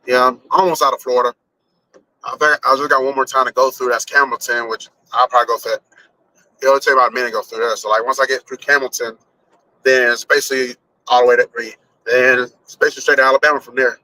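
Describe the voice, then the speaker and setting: A man's voice: medium pitch, little pitch movement, fast talker, sharp tone, dry recording, poor audio. A man chatting loosely on a live stream while driving, rambling and swearing casually as he thinks aloud. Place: in a car on a highway.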